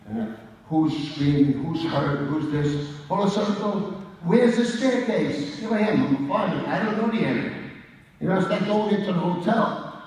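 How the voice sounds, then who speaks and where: A middle-aged man with a New York accent, a firefighter giving an after-dinner speech, recounting events in animated, punchy bursts with acted-out quotes and asides to the audience. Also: on the high side. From United States. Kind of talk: dramatic storytelling speech. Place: conference dining hall. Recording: echoey hall, distant mic.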